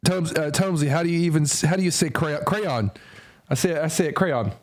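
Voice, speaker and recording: A young man streams casual reaction commentary, animated and fast-talking in a fairly high voice. He repeats lines and swears and laughs often.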